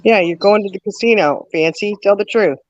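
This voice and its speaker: A woman hosting a casual chat, telling a long story with lots of fillers and laughter. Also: medium pitch. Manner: lively, laughing, drawn-out storyteller with many fillers. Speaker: host. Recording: dull lo-fi dry sound.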